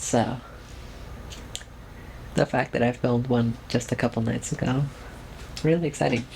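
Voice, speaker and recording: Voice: mid-range voice, darkish tone, slight background noise, poor audio. A young adult vlogger speaking in a trained feminine voice, giving a casual, rambling update at home with lots of fillers and restarts. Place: at home, alone with camera.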